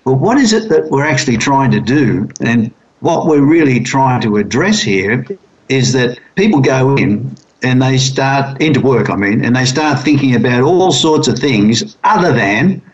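A man speaking as a guest on a business radio interview, explaining his ideas in a thoughtful, halting way with many fillers. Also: medium pitch, expressive. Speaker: guest, business consultant and author. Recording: dull lo-fi radio recording.

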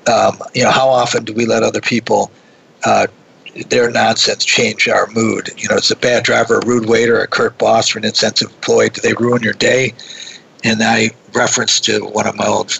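A man telling a personal story in a relaxed conversation, animated and often restarting his sentences. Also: lowish voice, normal speed, creaky, husky, low-quality recording.

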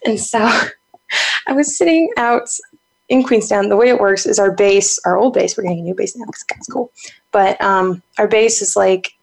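A woman guest telling a casual story in an animated way, with many fillers. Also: medium pitch, moderate pace, creaky. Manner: animated, chatty, full of fillers and laughs.

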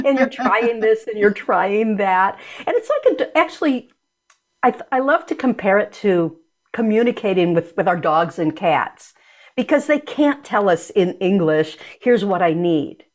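A woman's voice: mid-range voice, lively intonation, moderate pace. A woman being interviewed as an energy medicine practitioner, speaking in a reflective, searching way with frequent restarts. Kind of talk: conversational interview.

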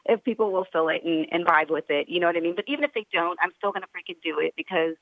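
A woman's voice: on the low side, quick pace, no room sound. A woman guest on a radio show, chatting in a bubbly, rambling way over a phone line. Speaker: guest musician. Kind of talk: casual interview chat.

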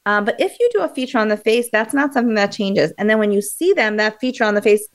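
A woman guest on a radio interview, explaining memory techniques in a lively, animated way with frequent fillers and restarts. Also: mid-range voice, quick pace.

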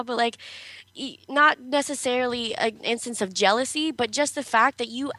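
A woman's voice: fairly high pitch, brisk, sharp tone, no echo, low-quality recording. A young woman co-hosting a casual talk show, telling a story in a chatty way with many fillers. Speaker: co-host. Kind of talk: casual chat.

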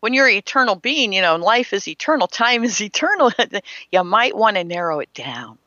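Bright-voiced spiritual teacher. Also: medium pitch, big pitch swings, fairly quick, dry recording. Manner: emphatic, asks rhetorical questions, acts out imagined people. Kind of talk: motivational spiritual talk. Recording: slightly muffled, dry.

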